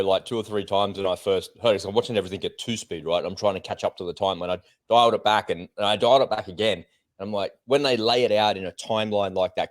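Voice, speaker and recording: Deep-voiced man co-hosting a political show, worked up and ranting. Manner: animated, indignant, rapid asides. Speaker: co-host. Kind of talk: political commentary chat.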